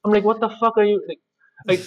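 A man, an activist guest telling blunt, animated stories in a casual interview. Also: high voice, fast talker, muffled recording. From India.

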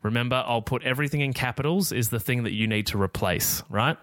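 A man's voice: mid-range voice, fast talker, fairly bright tone, dry recording. A middle-aged man, talking casually on his solo podcast and acting out example conversations. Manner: casual, chatty, acts out example dialogue. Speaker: podcast host.

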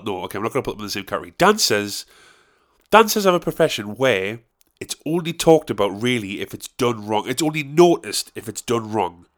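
A man, talking alone in a rambling, chatty and self-mocking way with some swearing. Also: mid-range voice. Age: 30s. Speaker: comedian and musician. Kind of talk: casual solo monologue.

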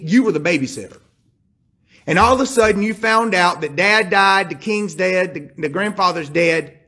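A man's voice: high voice, fairly bright tone, husky. A male pastor preaching a sermon, retelling a scripture story with emphatic, direct appeals to his listeners.

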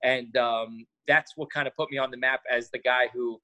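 As a guest in a casual podcast interview, a man tells stories with animation, acting out quoted lines along the way. His medium-pitched voice moves at normal speed, and the audio sounds dull.

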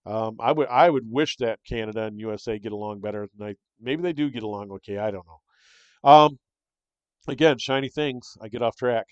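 A man's voice: medium pitch, normal speed, clear, resonant tone, no echo. Rambling, chatty older man from Michigan. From Michigan, USA. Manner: rambling, chatty, with many fillers and restarts. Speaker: podcast host. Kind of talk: casual solo monologue. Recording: slightly dull, dry close-mic recording.

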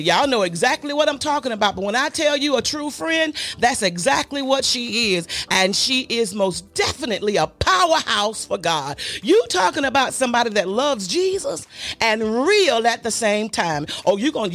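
A woman's voice: a little high, a bit bright. A woman hosting a church program, introducing her guest with exuberant, affectionate, playful hype. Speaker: host.

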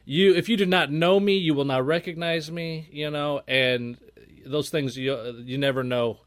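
Man in his thirties, actor guest, halting casual chat, dry close sound. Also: a little high, steady tone, dry recording. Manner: halting, many fillers and restarts.

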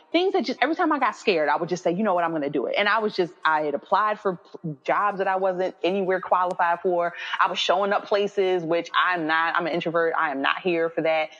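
A woman in her thirties tells a personal story in an easy, chatty way. When she quotes herself and others her voice jumps high and gets expressive. The audio is muffled, with a long reverb tail. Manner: animated, quoting herself with high-pitched voices. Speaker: guest. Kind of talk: casual storytelling.

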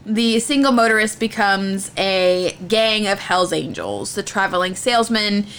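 A woman's voice: medium pitch, animated, a little slow, fairly bright tone, clear, resonant tone. Podcast co-host, woman, casual joking storyteller, swears freely. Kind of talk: casual chat, retelling a legend.

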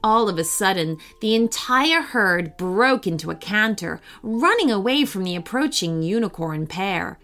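Slow, expressive woman reading a story. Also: mid-range voice, faint music behind. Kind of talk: children's bedtime story reading.

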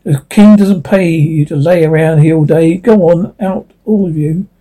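Guy playing a bully sergeant barking orders, highish voice. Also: moderate pace, dark tone, natural voice, poor audio. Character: harsh, bullying army sergeant.

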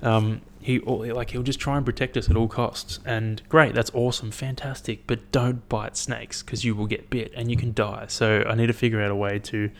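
A young man talking to camera in a casual, rambling monologue, blunt and swearing a lot as he thinks out loud. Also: medium pitch, little pitch movement, moderate pace, hardly any pauses. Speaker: vlogger.

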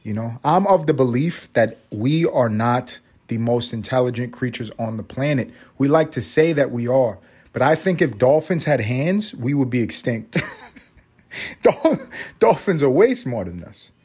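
A man's voice: mid-range voice, expressive, measured pace, darkish tone, husky. Profane rambling male podcast host. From Puerto Rico. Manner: rambling, profane, tangent-prone storytelling. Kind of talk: profane solo podcast rant.

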